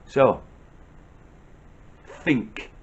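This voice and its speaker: A man's voice: very slow, muffled recording, slight background noise. A middle-aged man with a Northern English accent, giving a blunt, sardonic comic advice monologue in a lecturing tone. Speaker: comedian.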